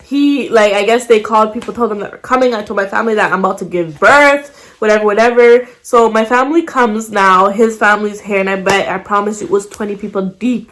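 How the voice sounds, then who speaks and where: Slangy young woman telling a story. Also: medium pitch. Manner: slangy, swears freely, animated retelling. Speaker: vlogger. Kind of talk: casual storytelling to camera.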